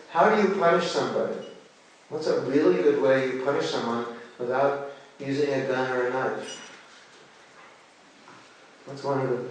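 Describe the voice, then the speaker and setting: An American man gives a relaxed spiritual talk, chatting with the room and tossing questions at the audience. His voice has a gravelly edge. He sounds distant from the mic, with heavy echo around him and faint ambience behind. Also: medium pitch, slight background noise. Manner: chatty, jokes and quizzes the audience. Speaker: seminar teacher. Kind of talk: casual spiritual lecture to a live audience.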